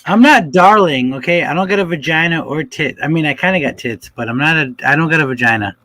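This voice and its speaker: A man hosting a reptile breeder's live stream, chatting with callers in loud, teasing, swearing banter. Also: fairly high pitch, fast talker, dry recording, poor audio. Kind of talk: casual chat with callers.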